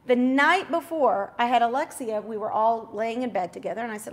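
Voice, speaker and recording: Chatty high-voiced woman host. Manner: chatty, quick asides and self-corrections. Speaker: host of a faith talk show. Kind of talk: casual devotional storytelling.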